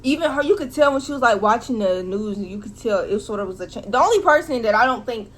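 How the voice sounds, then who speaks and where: A young woman recapping a film in a casual vlog, talking in an animated, slangy, emotional way. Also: a little high, fast talker, slight background noise. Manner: animated, slangy, emotional talk full of "like" and "bro". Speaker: vlogger reviewing a film.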